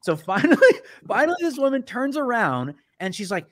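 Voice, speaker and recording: A man's voice: very high voice, big pitch swings, fairly quick, hardly any pauses, a bit bright. A man hosting a casual talk show, animatedly telling a story, acting out the people he quotes and laughing often. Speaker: podcast host.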